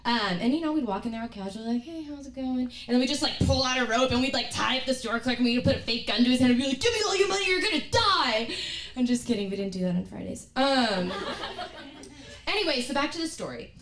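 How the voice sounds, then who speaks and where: A young woman telling a comic personal story on stage, acting out scenes and yelling at the wild moments. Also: on the high side, fast, few pauses. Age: young adult. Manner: animated, acts out scenes with loud yells. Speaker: student performer. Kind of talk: stand-up storytelling. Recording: roomy stage audio from a distant mic.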